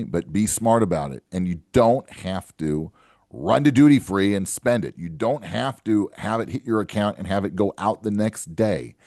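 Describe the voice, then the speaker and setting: A man's voice: deep voice, darkish tone, dry recording, studio quality. A man hosting his own finance show, giving earnest advice to listeners and often checking in with "right?" and "okay?". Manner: earnest and coaching, tags lines with "right?" and "okay?". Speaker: financial advisor and show host. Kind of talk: solo podcast talk to camera.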